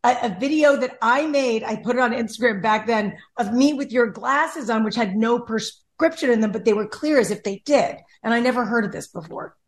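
A woman's voice: a little high, fairly quick, hardly any pauses. A young adult woman hosting a casual chat, telling a rambling story and acting out what others said. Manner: chatty rambling storyteller, acts out quotes. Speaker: podcast host.

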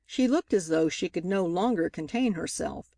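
Woman reading a novel aloud, low voice. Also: expressive, normal speed, creaky, mellow, no room sound, clean studio sound. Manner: reads dialogue with lifted pitch for characters. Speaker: audiobook reader. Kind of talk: scripted narration of a novel.

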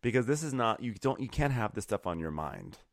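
A man with a fairly low voice chats casually and wryly about a TV episode. His voice is close and completely dry, with no room echo. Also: very animated, fairly quick, gravelly. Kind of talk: casual TV recap chat.

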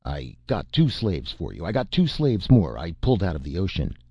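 A man's voice: low voice, big pitch swings, moderate pace, a little mellow, husky, dry recording, lo-fi sound, exaggerated voice. A man reading the lines of a suspicious rival barbarian slave master, who speaks in clipped, broken phrases. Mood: scornful. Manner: clipped broken speech, doubtful.

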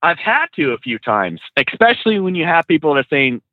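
A man who trains truck drivers, a podcast guest, telling road stories in casual, animated talk that is loose with swearing and slang like "bro". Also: a little high, fairly quick, dry recording. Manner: animated, swears freely, says "bro" and "dude". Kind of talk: casual storytelling in an interview. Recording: dry, tinny phone-like sound.

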